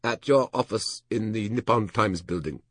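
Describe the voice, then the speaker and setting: A man's voice: lowish voice, moderate pace, slightly rough, dry recording, voice pushed up. Guy doing a faint papery old man, super polite, voice pushed up, dry room.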